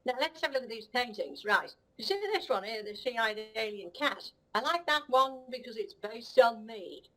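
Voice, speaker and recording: A woman's voice: a little high, expressive, normal speed, bright, forceful tone, low-quality recording. A woman doing a vain, cheeky cat muse. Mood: cocky rambling. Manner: rambling, rude, self-admiring, giggly. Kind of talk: comic puppet-style monologue.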